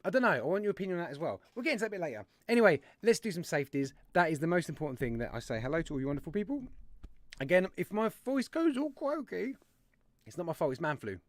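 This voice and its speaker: A man's voice: a little high, big pitch swings, fast, no room sound. A man hosting a casual livestream, chatty and jokey as he greets viewers by name. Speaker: livestream host. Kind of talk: casual live-stream chat.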